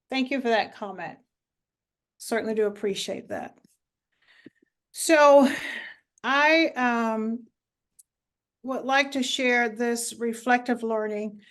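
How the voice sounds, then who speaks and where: A woman presenting a talk on grief in an online webinar, speaking in a measured way with many filler sounds. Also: fairly high pitch.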